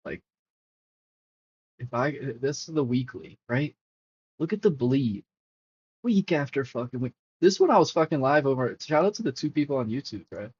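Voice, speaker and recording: A man hosting a crypto livestream, talking casually and excitably over charts and swearing freely to his chat. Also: medium pitch, moderate pace, long pauses, husky. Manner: profane, excitable, talks to chat. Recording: dull lo-fi stream audio.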